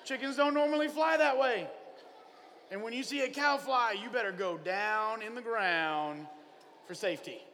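A man from Oklahoma gives an animated, joking camp sermon. His voice sits high and sounds bright and forceful. A long reverb from the hall trails every line. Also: moderate pace, slight background noise. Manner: animated storyteller, playful humor. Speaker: camp preacher. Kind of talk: lively sermon to young people.

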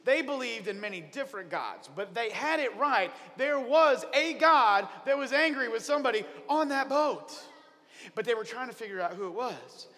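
A middle-aged man playfully telling a Bible story to children in a lively, joking way. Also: very high-pitched, moderate pace, big-room sound. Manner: playful, animated, jokey. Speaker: children's minister.

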